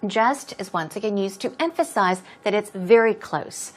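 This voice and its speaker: A woman English teacher explains vocabulary slowly and patiently, modeling each word's stress. Her slightly high voice rises and falls in a lively, animated way. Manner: clear, patient, drawn-out teaching delivery.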